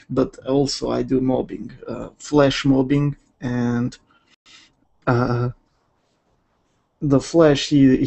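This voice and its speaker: A man's voice: medium pitch, gravelly, dark tone. A man playing a boastful male mobster who calls himself a businessman, rambling and punning.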